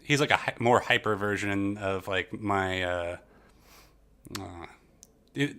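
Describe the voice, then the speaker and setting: A man's voice: on the low side, slow, pushed and bright, clear, resonant tone. A man co-hosting a casual podcast, rambling and joking, often trailing off and restarting. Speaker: podcast co-host. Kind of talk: casual chat.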